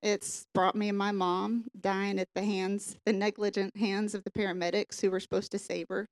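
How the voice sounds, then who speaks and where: A woman's voice: mid-range voice, flat delivery, normal speed, low-quality recording. A woman from the congregation giving an earnest personal testimony at a church service.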